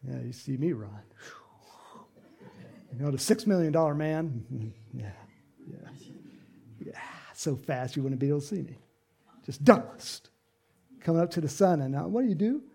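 A man's voice: a little high, lively intonation, moderate pace, creaky, long pauses, warm tone. A man preaching a sermon, telling the story dramatically with asides and questions to the congregation.

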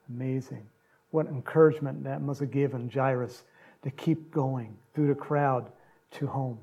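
A man preaching a sermon, retelling a gospel story with animated storytelling and acted-out lines. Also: mid-range voice, normal speed, vocal fry, slightly rough. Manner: animated storytelling, acts out quotes, laughs often.

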